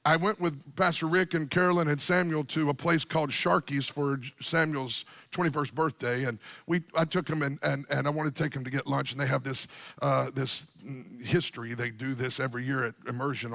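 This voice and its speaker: Gravelly preaching man. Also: medium pitch, brisk, dry recording. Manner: animated preaching, rising to near-shouts and sung phrases. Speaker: pastor. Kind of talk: sermon. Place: church sanctuary with a congregation.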